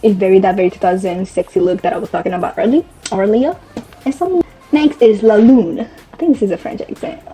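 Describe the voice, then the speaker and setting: Rambling young woman vlogger, mellow. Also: mid-range voice, brisk. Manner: chatty, rambling, self-correcting. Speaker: fashion vlogger. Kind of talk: casual chat. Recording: faint background music.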